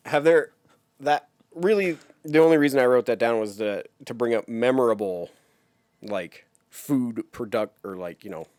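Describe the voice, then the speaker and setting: Mid-pitched male co-host, laid-back, dry close mic. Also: moderate pace, a little mellow, no echo. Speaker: podcast co-host. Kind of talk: casual chat.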